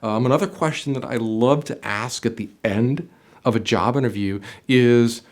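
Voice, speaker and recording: A man coaching viewers on job interviews, talking straight to the camera, swinging his voice up and down and dropping soft for emphasis. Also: medium pitch, moderate pace. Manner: animated, varies loudness and softness for demonstration. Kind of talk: instructional video talk to camera. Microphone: on camera, speaking to viewer.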